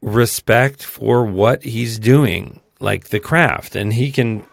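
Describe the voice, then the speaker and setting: A man co-hosting a movie podcast, rambling and conversational, talking slowly. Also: medium pitch, gravelly, no echo. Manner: talks slowly in a put-on accent. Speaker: podcast co-host. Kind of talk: casual movie chat.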